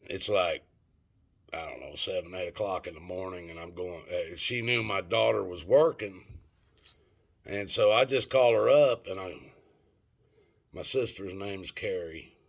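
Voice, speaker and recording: A man's voice: low voice, a little slow, creaky, long pauses. A middle-aged man telling a story and ranting to his viewers in a rambling, profane, casual way. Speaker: vlogger.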